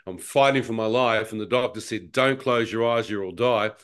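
A man giving an animated, slangy personal testimony as a guest. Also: lowish voice, moderate pace, clean tone. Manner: animated storyteller, acts out his own thoughts, slangy. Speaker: guest telling a near-death testimony.

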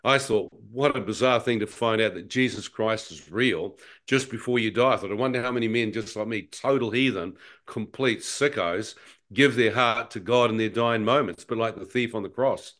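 A man giving an animated, slangy personal testimony as a guest. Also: on the low side, normal speed. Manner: animated storyteller, acts out his own thoughts, slangy. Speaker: guest telling a near-death testimony.

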